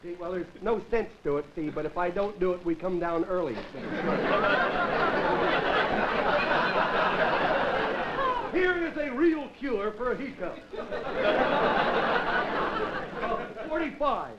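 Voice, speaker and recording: A man's voice: sits high, lively intonation, very slow, long pauses, a loud crowd. A man doing a rambling comedy monologue, stopping to laugh at his own jokes. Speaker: comedian host. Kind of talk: stand-up comedy monologue with character bits. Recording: dull early 1950s television audio, loud audience laughter and noise. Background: studio audience laughing.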